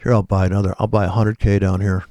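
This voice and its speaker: Low-voiced man rambling over charts. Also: level tone, fast, dark tone, no room sound. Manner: rambling, profane, thinking aloud. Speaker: trading video host. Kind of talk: casual live chart commentary.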